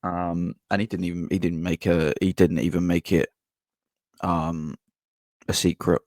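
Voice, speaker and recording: A man hosting a football podcast, telling a story in a blunt, casual way, swearing and pausing with ums. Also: low voice, flat delivery, darkish tone, dry recording, clean studio sound. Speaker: podcast host. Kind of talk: casual match-reaction monologue.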